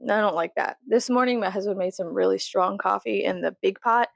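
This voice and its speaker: A young woman from Texas talks straight to camera in a loose, rambling vlog, swearing freely and joking as she goes. Her voice sits at an ordinary middle pitch, and the sound is close and dry with no room around it. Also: fairly quick, gravelly, dry recording. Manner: profane, chatty, jokey. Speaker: vlogger. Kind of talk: casual rambling monologue.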